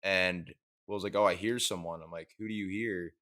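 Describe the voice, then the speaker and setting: A man with a low but bright voice tells a gaming story on a podcast. He talks casually and laughs at his own story. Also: steady tone, moderate pace. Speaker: podcast guest.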